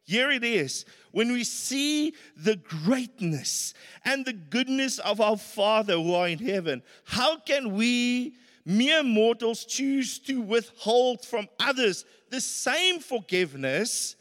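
High-voiced South African pastor preaching. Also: male voice, expressive, slow pace, a bit bright. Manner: earnest, rises to emphatic peaks. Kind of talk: sermon. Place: church hall. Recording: reverberant church hall.

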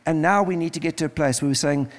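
A man's voice: a little high, fast talker. A man preaching as pastor in a church service, earnest and pleading, repeating phrases as he leads an altar call. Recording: music playing behind.

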